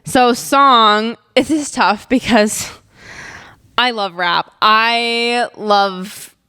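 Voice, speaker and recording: A woman's voice: fairly high pitch, fairly even intonation, extremely slow, bright, forceful tone, smooth. A young woman hosting her own podcast, talking casually and upbeat with lots of "like" and "um", sharing faith and life updates. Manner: chatty, upbeat, lots of "like" and "um", laughs while telling stories. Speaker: podcast host.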